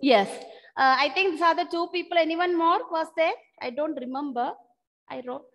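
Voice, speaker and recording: Teaching an online lesson, a woman with a notably high, fairly bright voice coaxes answers out of her students. She patiently repeats key terms slowly so they can take notes, and a long, echoing reverb hangs on her voice.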